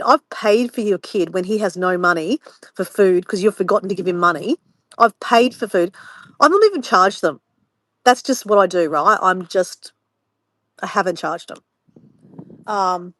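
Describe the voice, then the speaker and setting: A young woman in a casual livestream, rambling and telling a story with animated asides and swearing. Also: mid-range voice, no room sound, rough recording. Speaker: disability support worker.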